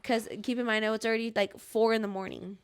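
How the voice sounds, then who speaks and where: A woman's voice: fairly high pitch, fairly even intonation, fairly quick, clean tone. Young woman rambling through a story. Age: young adult. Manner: rambling, fills every phrase with "like"; acts out her own past cries and pleas. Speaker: podcast host. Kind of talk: casual storytelling chat.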